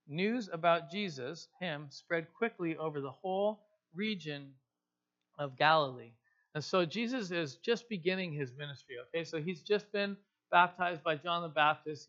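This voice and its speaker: A man's voice: a little high, moderate pace, fairly bright tone, muffled recording. A man preaching a sermon in a casual, conversational way, explaining scripture in plain everyday terms. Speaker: pastor.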